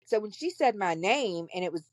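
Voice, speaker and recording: A woman's voice: mid-range voice, expressive, fairly quick, darkish tone, dry recording. A woman hosting a podcast, telling her story candidly and bluntly, with plenty of profanity. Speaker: podcast host. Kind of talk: casual storytelling chat.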